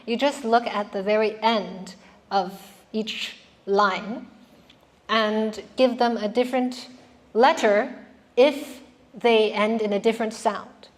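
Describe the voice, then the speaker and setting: A woman's voice: a little high, steady tone, slow pace. Woman lecturing a class on poetry. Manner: explaining patiently, asking students questions.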